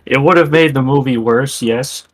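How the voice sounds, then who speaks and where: A man's voice: mid-range voice, moderate pace, over a noisy crowd. A man on a casual podcast chat, spinning playful, joking scenarios. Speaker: podcast co-host.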